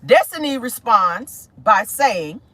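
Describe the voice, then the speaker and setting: A sassy woman dishes celebrity gossip from the seat of her car, calling everyone honey and girl. Her voice is slightly high and husky, with a pitch that swings all over. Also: takes it slowly, no room sound. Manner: sassy, animated, calls listeners honey and girl. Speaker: host of a gossip talk show. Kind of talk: casual celebrity gossip commentary. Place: inside a car.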